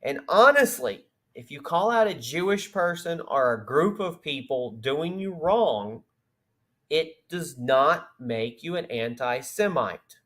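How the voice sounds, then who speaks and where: A man's voice: a little high, animated, takes it slowly, fairly bright tone. A man hosting a political podcast, reading news aloud with sarcastic asides. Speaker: podcast host. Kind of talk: political commentary.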